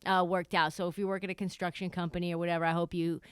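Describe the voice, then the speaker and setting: A young adult woman hosting a podcast, telling a casual story in an animated, chatty way and swearing freely. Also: on the low side, rapid-fire, clear, resonant tone, dry recording, clean studio sound. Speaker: podcast host.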